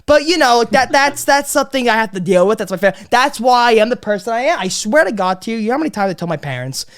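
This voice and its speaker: A young man in his twenties chats on a comedy podcast. He swears freely and gets loud and animated as he acts out his family. His talk is quick and full of restarts. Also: very high-pitched, clear, resonant tone. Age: 20s. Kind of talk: casual podcast chat.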